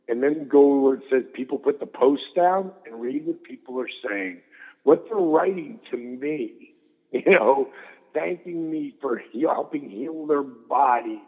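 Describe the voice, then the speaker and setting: Man, middle-aged, interview guest, animated storyteller, swears, tinny phone line. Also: mid-range voice, big-room sound.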